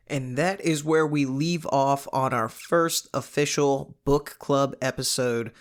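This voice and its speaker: A man hosting a podcast, recapping a novel in a casual, conversational way with frequent fillers and animated asides. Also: mid-range voice. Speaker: podcast host.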